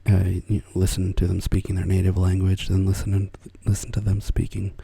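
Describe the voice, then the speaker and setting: A man speaks in a hushed, soft-spoken ASMR chat, rambling thoughtfully. His voice is dark and low, with heavy gravelly fry and a husky, breathy edge. It sits close and dry to the mic. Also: completely flat delivery, brisk, no echo. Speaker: ASMR channel host. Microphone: close mic for headphone listening.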